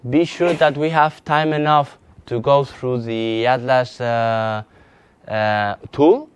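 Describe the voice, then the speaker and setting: A man with a Spanish accent leads a hands-on software lesson at an unhurried pace, pausing and restarting as he clicks through each step. His voice is smooth and clear, recorded dry and close with little room sound. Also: medium pitch, steady tone, dry recording. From Spain. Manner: halting, many restarts and fillers while demonstrating on screen. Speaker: GIS instructor. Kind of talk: live software training lesson.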